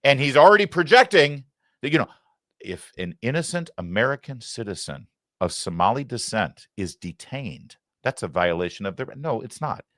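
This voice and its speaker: A man's voice: mid-range voice, very animated, normal speed, a bit bright, no room sound, clean studio sound. A middle-aged man hosting a political commentary show, talking in a sarcastic, indignant, emphatic way. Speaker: host.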